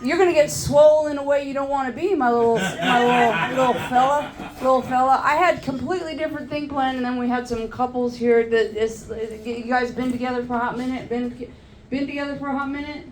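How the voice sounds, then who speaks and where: A woman in her forties performs stand-up on a club stage, her voice sitting a little high. She tells raunchy, meandering stories and chats with the crowd, with a faint hiss under the recording. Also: steady tone, quick pace, reverberant. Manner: crude, loose storytelling with crowd work. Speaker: stand-up comedian. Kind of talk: stand-up comedy set.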